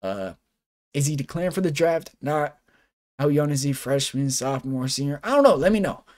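A young man reacting to a basketball game in casual slang, talking over the highlights as host of his channel. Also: animated, a little fast, a little mellow. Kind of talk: excited reaction commentary.

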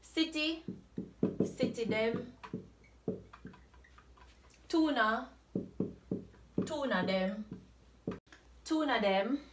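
A woman with a Jamaican accent teaching a language lesson, saying words slowly and repeating them for practice. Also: on the high side, animated, noisy background. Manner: slow, repeats words for drilling.

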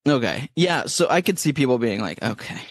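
A man co-hosting a podcast in casual chat, playful and quick to laugh. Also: medium pitch, animated, no room sound, studio quality. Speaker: podcast co-host.

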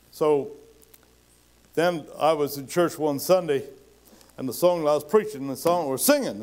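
Slightly high in pitch and dark in tone, this man is a pastor delivering sermon stories in a folksy way. He performs the quoted voices with mounting intensity.

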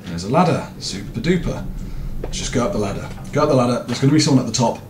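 A man's voice: medium pitch, animated, fast. A man narrating his game in a swearing, self-mocking and jumpy way. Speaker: gaming video host. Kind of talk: let's-play commentary. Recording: roomy, distant mic, loud game noise.

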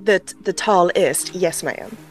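A woman's voice: fairly low pitch, animated, measured pace, soft background music. A woman voicing a sweet-talking, blunt female ship captain. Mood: folksy.

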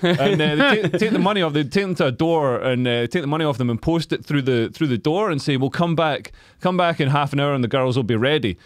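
A man's voice: on the high side, fast talker, hardly any pauses, dry recording, clean studio sound. Matter-of-fact man explaining. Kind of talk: casual chat.

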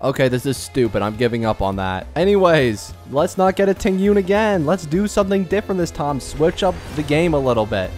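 A man's voice: a little high, lively intonation, fairly quick, few pauses, darkish tone, faint music behind. A young man doing casual, self-mocking commentary while pulling on a gacha game, pleading and bargaining with it as he goes. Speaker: gaming YouTuber.

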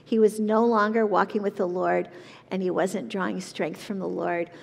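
A woman's voice: mid-range voice, flat delivery, creaky, darkish tone. Woman teaching scripture in a reverberant hall. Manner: earnest, measured, slows down when reading verses. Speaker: Bible study teacher.

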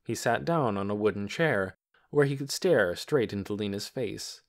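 A man reading an audiobook in calm, measured scripted narration. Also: on the low side.

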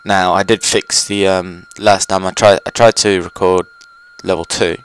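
In casual let's play commentary, a young gaming channel host rambles, drops fillers, and swears at enemies as he plays. His voice is low and smooth, with fairly even intonation and normal speed, in a noisy home recording.

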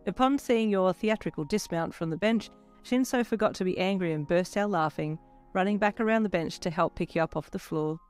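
A woman narrating second-person fanfiction in a lively storytelling manner. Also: on the low side, brisk. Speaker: fanfiction reader. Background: soft electronic backing music.

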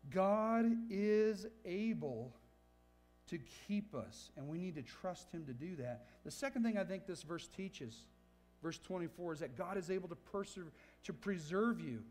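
A man's voice: a little high, expressive, moderate pace. A pastor preaching a sermon in church, earnest and emphatic, often checking in with his listeners. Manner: earnest, emphatic preaching with frequent "right?" asides.

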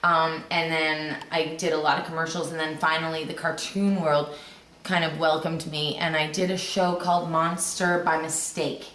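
A woman's voice: sits low, flat delivery, normal speed, a bit bright. Chatty young-sounding woman, roomy echo. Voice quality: young-sounding voice, not girly. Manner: chatty, laughs easily, many fillers and restarts. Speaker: voice actor guest. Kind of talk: casual interview chat.

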